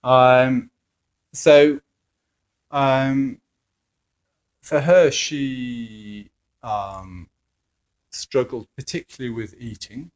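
A man, an addiction therapist who teaches mindfulness, telling anecdotes in a hesitant way with many fillers and chuckling asides. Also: medium pitch. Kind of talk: anecdotal talk. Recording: dull lo-fi recording.

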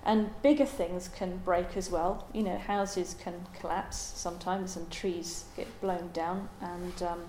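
A woman giving a Buddhist dharma talk in a halting, thoughtful way, with many pauses and ums. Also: fairly low pitch, steady tone, mellow, a little hiss or hum. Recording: roomy echo.

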